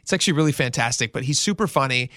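A man's voice: mid-range voice, racing, no room sound, clean studio sound. A radio show host telling a news story in casual talk, acting out the quotes as he goes. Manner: animated storyteller, acts out quotes.

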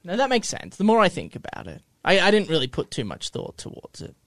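A man's voice: high-pitched, huge pitch swings, brisk, fairly bright tone, no room sound, clean studio sound. A man co-hosting a casual talk show, tentative and often second-guessing himself. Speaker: co-host. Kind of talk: casual chat.

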